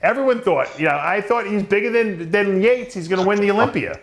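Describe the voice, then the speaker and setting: A man hosting a casual panel chat, animated and quick to react. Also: sits high. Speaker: host.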